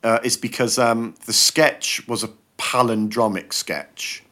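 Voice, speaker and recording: A man, a comedian and actor, chatting as a podcast guest and acting out the quotes in his stories. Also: measured pace. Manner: animated, acts out quotes with shifting pitch. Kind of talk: casual podcast chat, storytelling.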